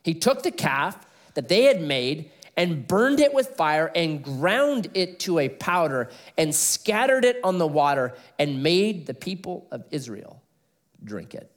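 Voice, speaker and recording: A middle-aged man preaching an expository sermon, telling stories with animated delivery and laughing at his own jokes. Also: a little high, a little slow. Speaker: pastor.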